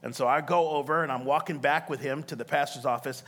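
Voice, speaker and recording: A man preaching a sermon, telling a story with lively acted-out voices and calling out to the congregation. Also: fairly high pitch, fast talker. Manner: animated storytelling, acts out voices, laughs, calls to congregation. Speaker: pastor.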